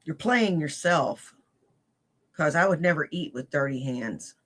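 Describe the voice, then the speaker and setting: A woman's voice: low-pitched, expressive, a little slow, fairly bright tone. A woman in a played clip, ranting furiously and cursing heavily as she accuses someone. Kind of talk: angry profane rant.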